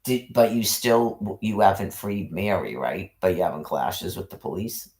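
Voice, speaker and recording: A man's voice: deep voice, moderate pace, darkish tone. A man ranting into his livestream in an agitated monologue, cursing heavily and repeating himself as he piles up accusations.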